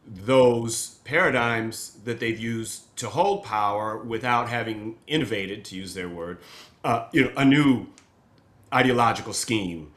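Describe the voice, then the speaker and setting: A man's voice: medium pitch, measured pace, fairly bright tone. A man hosting a podcast interview, rambling and hesitant, chuckling as he talks. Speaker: podcast host. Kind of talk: casual interview talk.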